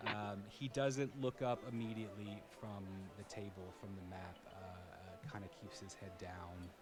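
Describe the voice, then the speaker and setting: A man's voice: on the low side, little pitch movement, moderate pace, over loud music. A man narrating a fantasy tabletop game as game master, in a loose, rambling way with lots of fillers.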